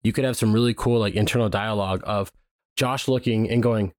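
A man's voice: mid-range voice, lively intonation, fast talker, no echo, studio quality. A man co-hosting a podcast, giving blunt opinions in casual chat with lots of fillers. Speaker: podcast co-host.

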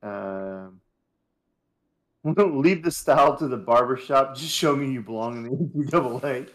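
A man co-hosting a casual podcast, a youth basketball coach who gets animated when making his points. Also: medium pitch, moderate pace. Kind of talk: casual chat.

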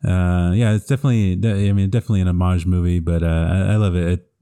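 A man with a low, mellow voice chats casually on a podcast. He retells movie scenes at length, full of fillers and restarts, and he chuckles often as he goes. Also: steady tone, quick pace, clean tone. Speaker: podcast co-host. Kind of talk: casual chat.

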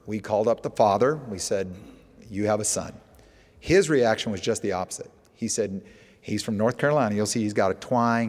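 A man's voice: fairly low pitch, normal speed, a little mellow. Man telling a story in an echoey hall. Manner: acts out phone calls in quoted dialogue. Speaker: TV show producer giving a talk. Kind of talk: storytelling presentation to an audience. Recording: echoey hall with long reverb.

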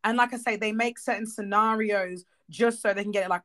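A woman co-hosting a casual chat, emphatic and blunt, swearing freely and getting animated as she makes her point. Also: medium pitch, fairly quick, few pauses. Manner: animated, acts out quoted voices.

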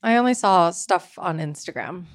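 A young woman co-hosting a podcast, reacting in casual chat with animated laughs. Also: fairly low pitch, moderate pace, dry recording, studio quality. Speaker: podcast co-host.

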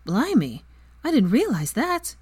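A woman voicing an excitable, blunt young witch in a story reading. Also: a little high, measured pace, slightly rough, dry recording, voice pushed up, heavily acted. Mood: surprised.

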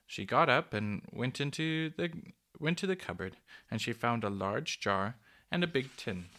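A man reading a children's story aloud in a gentle, unhurried way, with small slips and rereads. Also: mid-range voice, lively intonation.

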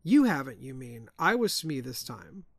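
A man voicing a loud, brash young man in a ghost story he reads aloud. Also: medium pitch, big pitch swings, normal speed, creaky, breathy edge, no room sound, studio quality, pitched below the performer's own voice, full character voice.

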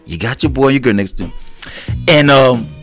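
A man co-hosting a casual couple's chat, telling animated stories, acting out quotes and laughing often. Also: medium pitch, a little fast, faint music behind. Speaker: co-host.

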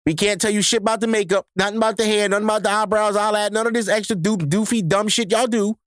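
A man's voice: high voice, fairly even intonation, quick pace, fairly bright tone, dry recording, studio quality. A man hosting his own podcast, delivering a profane, emphatic solo rant that lectures his listeners. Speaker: podcast host.

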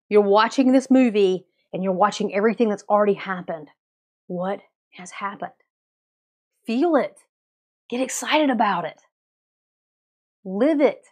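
An energetic woman hosts a motivational podcast episode. She talks straight to her listeners and coaches them with one direct question after another. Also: medium pitch. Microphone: podcast mic, also filmed.

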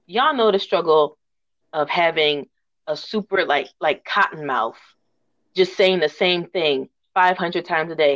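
A woman hosting a podcast, telling rant stories in a lively, slangy, laughing way. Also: on the low side, measured pace, no echo. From northern United States. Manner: animated, slangy, laughing storyteller. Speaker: podcast host. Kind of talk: casual storytelling rant. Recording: dull lo-fi recording.

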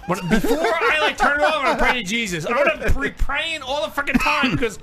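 A man's voice: very high voice, fast talker, a loud crowd. A man co-hosting a podcast, telling stories with lots of swearing and laughter. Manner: profane, laughing, animated storytelling. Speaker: podcast co-host. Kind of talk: casual comedic chat.

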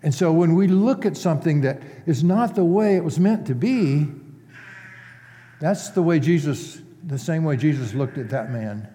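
A male pastor preaching in a relaxed, conversational way, asking his congregation questions as he teaches. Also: fairly high pitch, normal speed. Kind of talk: sermon. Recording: long church reverb.

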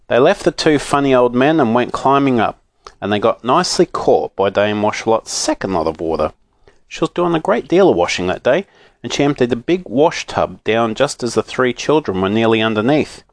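Expressive man reading a children's story. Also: mid-range voice, normal speed, dry recording, clean studio sound. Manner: expressive and animated.

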